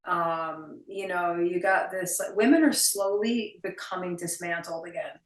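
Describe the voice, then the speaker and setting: A woman in her forties with a New Jersey accent appears as an actress guest in a casual video-call interview, talking bluntly and animatedly with lots of swearing. Her voice is fairly low and unhurried. The mic is distant, giving a roomy, off-mic sound.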